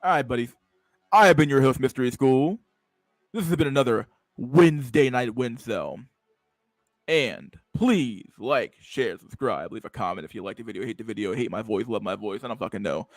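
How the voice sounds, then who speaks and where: A man's voice: medium pitch, lively intonation, normal speed, dry recording. Sarcastic, profane man streaming. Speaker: streamer host. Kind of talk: casual livestream commentary.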